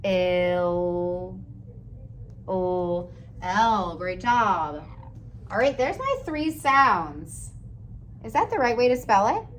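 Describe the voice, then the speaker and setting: A woman teacher giving a slow, patient, encouraging writing lesson for young children, sounding out letters and praising often. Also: on the high side, sing-song, a bit bright, slight background noise. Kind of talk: early-grades writing lesson.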